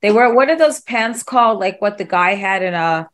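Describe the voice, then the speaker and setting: A woman's voice: mid-range voice, animated, moderate pace, fairly bright tone. A woman hosting a casual interview, asking questions and telling stories in a rambling, jokey way. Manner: rambling, jokey, easily sidetracked. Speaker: podcast host, interviewer.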